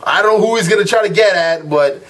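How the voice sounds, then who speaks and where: A young man ranting casually to camera as a vlog host, telling a story in an animated way and acting out what people said, with frequent fillers and restarts. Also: high-pitched, quick pace.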